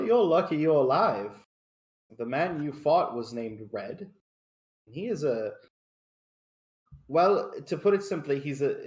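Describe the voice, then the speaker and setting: A man voicing his character in a tabletop game, in a halting, teasing way. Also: medium pitch, darkish tone, roomy sound. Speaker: player.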